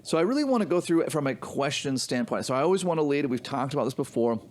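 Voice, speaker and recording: A man's voice: on the high side, lively intonation, quick pace, a little mellow. A man co-hosting a financial advice podcast, explaining his points emphatically and often checking in with "right?". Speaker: podcast co-host, financial advisor. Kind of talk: casual business podcast chat.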